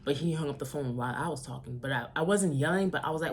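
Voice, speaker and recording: A young woman with a notably low, deep voice tells a story in a sassy, animated way, as in a casual chat vlog. A faint hum sits behind her. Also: fast. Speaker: vlogger.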